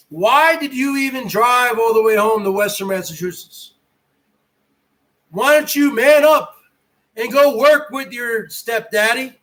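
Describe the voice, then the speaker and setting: A man hosts a livestream from his garage, ranting at his chat in a taunting, profane way. His voice sits very high for a man. The tone is bright and sharp, and he drags his words out slowly. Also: poor audio. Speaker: livestream host. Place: home garage.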